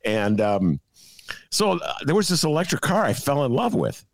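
A man's voice: medium pitch, big pitch swings, moderate pace, creaky, no echo, clean studio sound. A middle-aged man hosting a podcast, joking and self-deprecating in casual chat. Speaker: podcast host.

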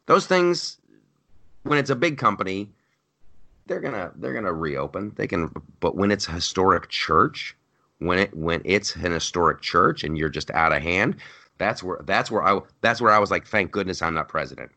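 A man with a lowish voice and a bright, forceful edge, hosting a podcast. His pitch swings all over as he talks, excitable and animated. He stumbles into restarts and tosses off sarcastic asides in casual political chat. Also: moderate pace. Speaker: podcast host.

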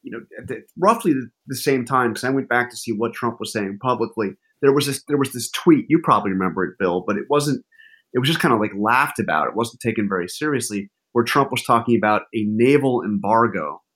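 A man's voice: mid-range voice, brisk. A man, a journalist guest in an interview, telling stories animatedly with frequent restarts. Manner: animated, with many restarts and fillers. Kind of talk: casual interview storytelling.

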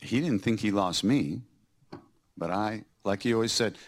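A man's voice: on the low side, unhurried. A man hosting a podcast, recounting personal stories and acting out the scenes with laughter. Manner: animated, acts out scenes with laughter. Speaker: podcast host.

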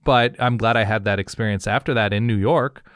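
A man's voice: on the low side, a bit bright, no echo, clean studio sound. A man in his thirties co-hosting a podcast, in casual chat, firing off probing questions one after another. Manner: probing, rapid-fire questions. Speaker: podcast co-host.

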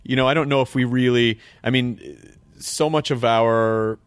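An American host talks in a loose, joking way, full of hesitations and restarts. His voice sits mid-pitch, recorded close with no room sound. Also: fairly even intonation, normal speed, clear, resonant tone, no echo. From United States. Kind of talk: casual interview chat.

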